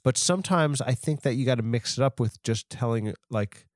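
A man's voice: medium pitch, normal speed, dry recording, clean studio sound. Rambling, self-mocking man hosting a podcast. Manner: rambling, self-mocking, lots of fillers and restarts. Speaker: podcast host. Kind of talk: rambling comedy podcast monologue.

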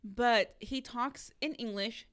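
A young adult woman co-hosting a casual podcast chat, telling animated stories and acting out what her family says. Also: on the high side, slow. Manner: animated storyteller who acts out family quotes. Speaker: podcast co-host.

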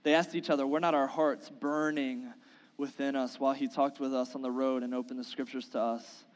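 A man's voice: medium pitch, flat delivery, brisk. Impassioned man preaching in a reverberant church. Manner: earnest, building to impassioned pleading. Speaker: pastor. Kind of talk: sermon with scripture reading. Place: church sanctuary. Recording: long reverb of a large church hall.

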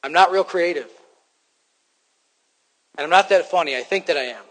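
A man with a high voice delivers a sermon in an easy, conversational way, often stumbling and restarting, and poking fun at himself. His words ring out with a long reverb, as in a large church hall. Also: moderate pace, fairly bright tone. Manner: conversational, self-deprecating, frequent restarts. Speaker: preacher.

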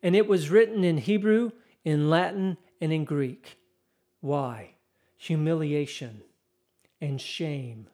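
A man delivering a sermon at a slow, deliberate pace, his voice sitting a little high. He reads scripture dramatically, building intensity as he goes. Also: mellow. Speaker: preacher.

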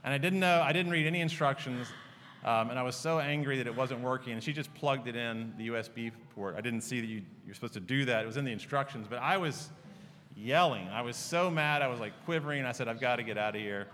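A man's voice: mid-range voice, fast, fairly bright tone, a little hiss or hum. A man preaching a sermon as pastor in a church, earnest and conversational, telling personal stories. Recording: long reverb of a large hall.

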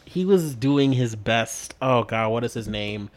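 A man's voice: mid-range voice, lively intonation, a little slow. A man co-hosting a casual chat, rambling with lots of fillers and enthusiasm. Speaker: podcast co-host.

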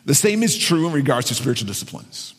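A man's voice: mid-range voice, very animated, fast talker, breathy edge. Male pastor, conversational sermon delivery with frequent restarts, reverberant church hall. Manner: conversational, repeats phrases, many restarts.

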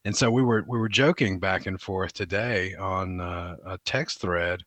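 A man's voice: deep voice, unhurried, fairly bright tone, no room sound. A young adult man co-hosting a casual podcast chat, joking and rambling with fillers. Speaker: podcast co-host.

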